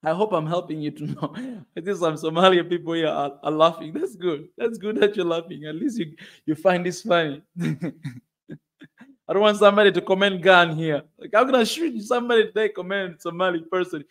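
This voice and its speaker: A man's voice: high voice, fairly quick, fairly bright tone. A man with a Tanzanian accent giving a passionate, emphatic opinion monologue as a channel host. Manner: passionate and emphatic, repeats points.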